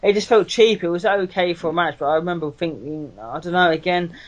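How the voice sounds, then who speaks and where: A man's voice: high-pitched, fairly quick, highs cut off. A man co-hosting a casual wrestling podcast, rambling, swearing and laughing a lot. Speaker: podcast co-host. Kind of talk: casual chat.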